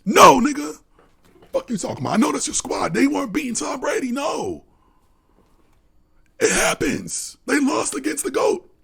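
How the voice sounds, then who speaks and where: A gravelly, husky man with a fairly high voice that swings widely as he argues. He debates football in loose, casual talk, swearing freely and repeating his points. It sounds like a live podcast co-host pressing a friend. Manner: argumentative, swearing, laughing, repeats himself. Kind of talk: heated casual sports debate.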